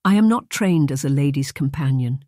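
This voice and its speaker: A man voicing a gentle, anxious young governess who speaks quietly and politely in an audiobook. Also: medium pitch, lively intonation, normal speed, no echo, studio quality, close to an everyday voice. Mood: earnest.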